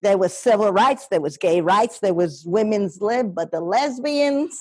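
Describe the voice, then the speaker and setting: A woman's voice: mid-range voice, lively intonation, unhurried, warm tone, no room sound. A woman doing a chatty older city lady. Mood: nostalgic. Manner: gossipy, addresses the audience directly. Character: chatty older New York lady, nostalgic and teasing. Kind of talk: solo stage performance.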